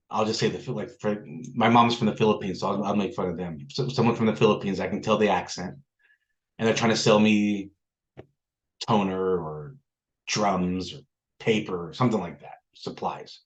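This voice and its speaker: A man's voice: fairly low pitch, dull audio. A man hosting a casual group discussion, telling jokey stories and asking for questions. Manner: joking storyteller. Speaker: notary meetup host.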